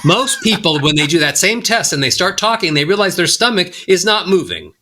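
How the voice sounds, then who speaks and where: A man's voice: brisk, a little hiss or hum. A middle-aged man, a voice coach, teaching in a podcast interview and showing tips with his own voice. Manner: animated teacher, swoops pitch up and down to demonstrate. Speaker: voice coach guest.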